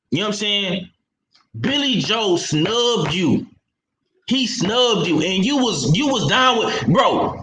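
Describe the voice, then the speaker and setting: A man's voice: high-pitched, bright, forceful tone, a little hiss or hum. A man on a panel talking bluntly and profanely in a heated casual chat, in an echoey room. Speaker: podcast panelist.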